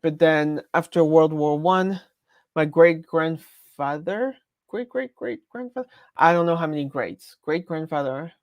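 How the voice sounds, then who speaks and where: A woman's voice: deep voice, fairly even intonation, a little slow, no echo. A woman with a French accent chatting casually on a live stream, rambling and breaking off her own sentences. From France. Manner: rambling, chatty, self-interrupting.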